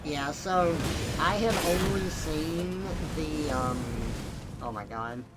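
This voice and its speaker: A man's voice: on the high side, slow pace, poor audio. A man streaming a video game, chatting casually and rambling with lots of fillers. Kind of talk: casual chat while gaming. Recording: game music behind.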